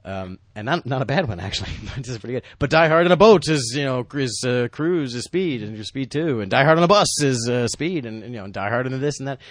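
A man in casual movie commentary chat, animated and laughing, tossing in quick impressions of lines. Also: medium pitch, no room sound, studio quality.

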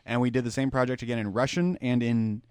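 A man's voice: mid-range voice, level tone, quick pace, darkish tone, clear, resonant tone, no room sound. Rambling man telling anecdotes. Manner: rambling anecdotes, reads chat aloud. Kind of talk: casual movie commentary chat.

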